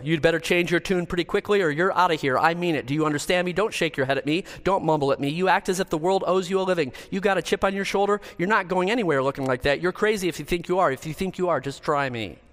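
A preacher doing an exasperated scolding dad. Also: male voice, high voice, fairly bright tone. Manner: rapid-fire, indignant, nagging. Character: exasperated scolding father lecturing his child.

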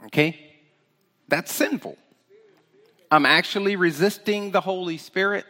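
Animated high-voiced man preaching in echoing hall. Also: unhurried. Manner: animated, emphatic, rhetorical "right?" asides. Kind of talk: informal sermon.

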